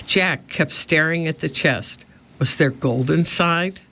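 Gravelly male storybook narrator. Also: on the high side, slow pace. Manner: steady, expressive reading. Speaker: audiobook narrator. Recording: muffled lo-fi audio.

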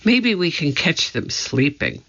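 Storybook kid: man voicing a bold little girl, pitched up, slow and gravelly underneath, dull lo-fi sound. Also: sing-song, sharp tone, exaggerated voice. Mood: eager. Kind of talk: storybook reading.

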